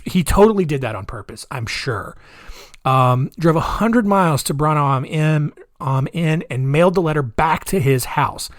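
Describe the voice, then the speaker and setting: A man's voice: a little high, no room sound, clean studio sound. A man hosting a solo podcast, telling a crime story casually with many fillers and offhand asides. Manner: conversational, with filler-heavy asides. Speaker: podcast host.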